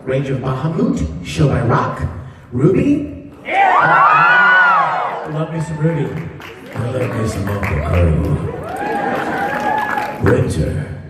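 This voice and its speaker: A man, a voice actor, telling stories at a convention panel in a big hall, animated and laughing as he talks. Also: medium pitch, unhurried, heavy background noise. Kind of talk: convention Q&A storytelling. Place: large convention hall with audience. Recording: distant fan recording in echoey hall. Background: crowd laughing.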